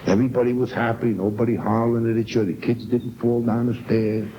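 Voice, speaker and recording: A man's voice: mid-range voice, level tone, quick pace. A middle-aged man from New York giving an earnest, emotional personal testimony at a recovery meeting, on an old 1970s tape. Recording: dull lo-fi 1970s tape with faint hiss.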